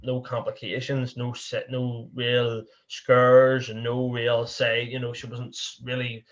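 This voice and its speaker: A man's voice: mid-range voice, monotone, takes it slowly, dull audio. Northern Irish man telling a rambling story. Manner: rambling, full of "you know" fillers and restarts. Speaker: podcast guest. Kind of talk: candid personal storytelling.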